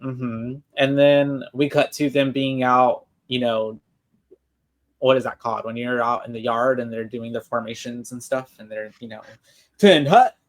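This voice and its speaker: A man's voice: mid-range voice, flat delivery, moderate pace. A man co-hosting a podcast, retelling a movie scene by scene in casual chat, rambling with lots of fillers and restarts. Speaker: podcast co-host.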